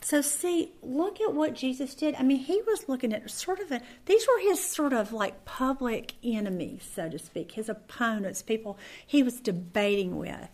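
A woman's voice: on the high side, expressive, moderate pace, hardly any pauses, a little mellow. A middle-aged woman leads a Bible study in a chatty, conversational way, telling stories with lots of fillers and restarts.

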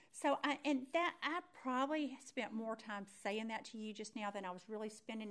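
A middle-aged woman leads a Bible study, weaving a personal story into her teaching. Her voice sits a little high, and she tells the story in an animated way, acting out her own thoughts. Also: brisk, hardly any pauses.

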